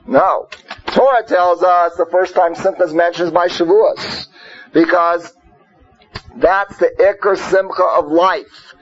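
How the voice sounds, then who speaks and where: High-voiced husky man teaching Torah. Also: fairly bright tone. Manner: conversational, frequent rhetorical questions and "right?"; mixes Hebrew and Yiddish terms into English. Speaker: rabbi teaching a Torah class. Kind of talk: informal Torah lecture. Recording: muffled lo-fi recording.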